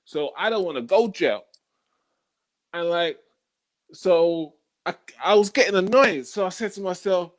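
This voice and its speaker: A man's voice: high-pitched, animated, measured pace, pauses often. Slangy man telling a stand-up story. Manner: casual slangy delivery, tags lines with "yeah?" and "you know?". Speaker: stand-up comedian. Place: comedy gig stage.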